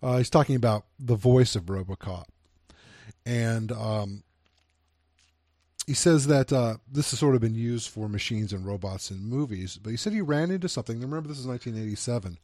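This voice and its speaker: A man's voice: medium pitch, lively intonation, moderate pace, warm tone, no echo, studio quality. A man co-hosting a film podcast, chatting casually and reading review quotes aloud with hesitant restarts. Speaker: podcast co-host.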